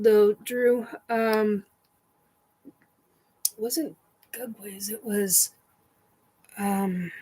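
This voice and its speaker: A woman's voice: medium pitch, fairly even intonation, drawn-out words, pauses often, mellow, breathy edge, low-quality recording. A woman hosting a casual paranormal chat stream, rambling with many fillers, defiant and swearing.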